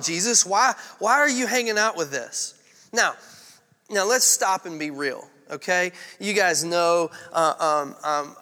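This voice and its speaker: A man's voice: high voice, bright, forceful tone, in a large hall. A male pastor preaching a sermon in a candid, conversational storytelling way.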